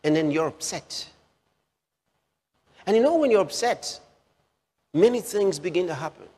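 Slow-preaching man in a reverberant hall. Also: high voice, animated, mellow, husky. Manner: slow, repeats phrases for emphasis, drawn-out pauses. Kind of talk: sermon.

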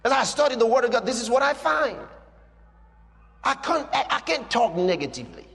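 High-pitched man preaching boldly in a hall. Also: very animated, brisk, vocal fry, fairly bright tone. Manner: emphatic, repetitive, declarative preaching. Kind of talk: sermon.

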